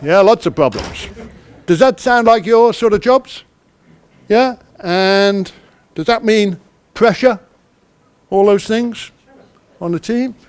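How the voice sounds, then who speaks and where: A man's voice: high-pitched, slow pace, pauses often, clean tone. A man from the United Kingdom giving an interactive conference talk. He is chatty and self-deprecating, and he keeps quizzing the audience. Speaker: conference speaker. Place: conference hall.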